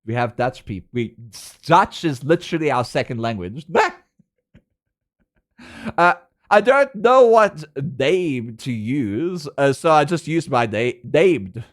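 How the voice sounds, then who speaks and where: A young South African man streaming, with a lively, swooping voice that sits a touch high. He chats casually with his viewers, playful and quick to laugh. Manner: chatty and giggly, laughs often, playful. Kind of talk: casual chat with a live stream audience.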